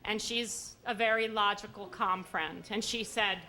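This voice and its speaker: A middle-aged woman telling a comic story on stage in an animated, high-strung way. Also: a little slow, hardly any pauses. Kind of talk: live storytelling performance. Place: live stage at a story slam.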